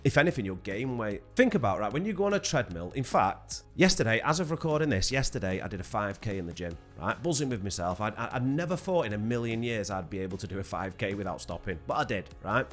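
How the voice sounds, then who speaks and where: Animated, sweary bloke vlogging. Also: male voice, mid-range voice. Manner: animated, swearing, laughing often. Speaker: weight loss vlogger. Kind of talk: casual chat to camera.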